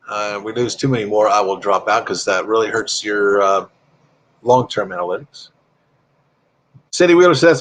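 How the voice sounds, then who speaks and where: A man's voice: lowish voice, normal speed, long pauses, a bit bright. A man hosting a casual live stream, rambling and reading viewer comments aloud in a friendly, chatty way.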